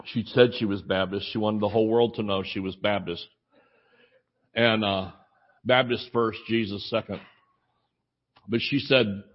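A man's voice: fairly low pitch, fairly even intonation, moderate pace, long pauses, muffled recording. A male preacher telling a rambling anecdote in a sermon, acting out the voices of the people he quotes. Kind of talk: sermon storytelling.

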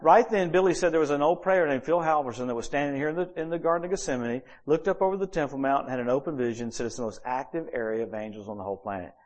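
A man preaching a sermon as the pastor, telling stories in a lively, animated way with big swings in pitch and volume. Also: fast talker, few pauses.

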